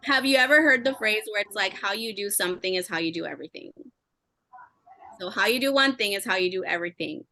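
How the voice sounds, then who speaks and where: Bright-voiced woman, chatty and candid. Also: medium pitch, animated, no room sound. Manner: emotional, candid, fast and chatty. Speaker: team member sharing advice. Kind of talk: candid motivational chat.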